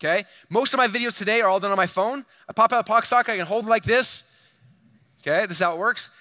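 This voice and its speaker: A man giving an energetic seminar talk to a large audience, animated and boastful as he speaks straight to the crowd. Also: sits high, fast, no echo. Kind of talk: energetic stage presentation.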